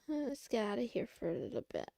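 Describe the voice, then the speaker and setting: A woman's voice: fairly high pitch, wildly swooping pitch, moderate pace, vocal fry, dark tone, dry recording, clean studio sound. A woman streamer chatting casually on a live stream, answering her chat in a sarcastic, playful way.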